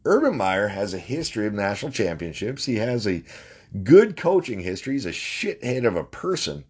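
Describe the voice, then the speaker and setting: Deep-voiced man ranting about sports. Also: very animated, fairly quick, breathy edge. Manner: rambling, blunt, with many fillers and restarts and occasional swearing. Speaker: sports podcast host. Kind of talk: casual sports opinion monologue.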